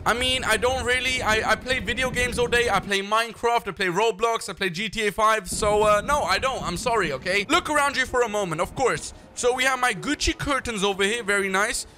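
A man doing excitable, joking let's-play commentary on a horror game from his bedroom gaming setup. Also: high voice, a little fast, hardly any pauses. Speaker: gaming YouTuber.

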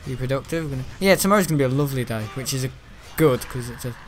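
Talking very fast and animatedly, a young gaming YouTuber with a medium-pitched voice wanders through let's-play commentary while soft music plays behind him. He swears mildly and restarts his sentences often.

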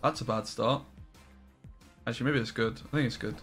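A man's voice: mid-range voice, steady tone, a little fast, fairly bright tone, soft background music. A man, casually commentating his card game and chatting with viewers, swearing now and then.

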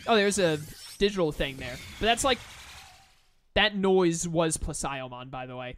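A man's voice: sits high, expressive, normal speed, no room sound. A man giving casual, jokey commentary while playing a video game. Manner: laid-back, jokey, says "dude". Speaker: let's-play gamer. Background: faint game music.

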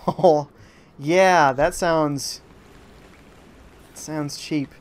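A man's voice: a little high, fairly even intonation, very slow. A man giving live commentary on a video game, joking and reading viewer chat aloud from home. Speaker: gaming streamer. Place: at home during a rainstorm.

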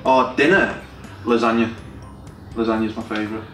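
A man's voice: on the low side, fairly even intonation, moderate pace, fairly bright tone, a little hiss or hum. A young man, a rugby player, answering interview questions hesitantly with lots of ums. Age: young adult. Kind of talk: casual interview chat. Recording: echoey room, distant mic, music behind.

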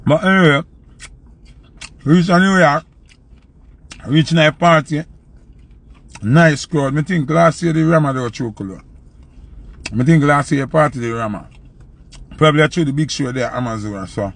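Gravelly Jamaican man telling a story. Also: mid-range voice. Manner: animated, loose patois storytelling with acted-out quotes. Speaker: dancehall selector. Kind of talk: casual storytelling.

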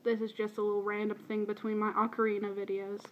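A woman's voice: medium pitch, monotone, fast, highs cut off, a little hiss or hum. A woman in her early twenties from Baltimore, with a light, shifting Baltimore accent, chatting casually through a voice meme with self-deprecating asides. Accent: light Baltimore American, drifting. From Baltimore, USA. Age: early 20s. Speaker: video blogger. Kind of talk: casual voice meme answering questions.

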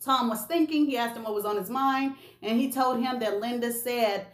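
A woman's voice: fairly high pitch, moderate pace, roomy sound. A woman hosting a gossip video, telling a story to camera in a sassy, slangy way and acting out the voices of the people in it.

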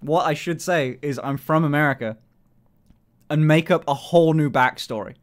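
A British man in a casual live-stream chat, talking in an animated way, swearing a lot and laughing often. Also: fairly high pitch, normal speed.

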